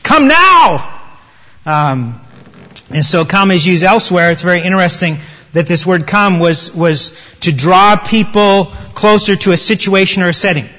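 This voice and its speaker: A man preaching a conversational sermon, drawing out quoted words slowly for emphasis. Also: sits high, fairly even intonation, fairly bright tone, big-room sound, muffled recording. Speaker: pastor.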